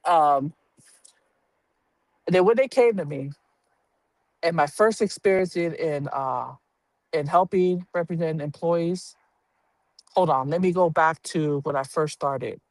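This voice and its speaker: A woman's voice: deep voice, a little slow, long pauses, darkish tone, no echo. A woman who works as a union representative at a prison telling a personal story in a candid, earthy way, swearing freely and laughing at herself.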